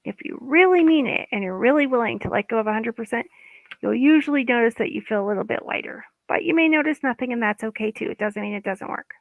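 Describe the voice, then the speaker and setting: A woman's voice: on the high side, lively intonation, fast talker, vocal fry, no echo. A woman giving a casual, guided self-help talk as an EFT coach, informal and chatty, sometimes losing her words. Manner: chatty, informal, loses words mid-sentence. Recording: dry, phone-like line.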